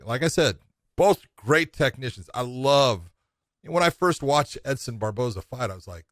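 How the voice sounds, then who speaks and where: A man's voice: medium pitch, animated, normal speed, no room sound. Enthusiastic man in a dry room. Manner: enthusiastic, repeats phrases, swears casually. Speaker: podcast co-host. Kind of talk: casual MMA podcast chat.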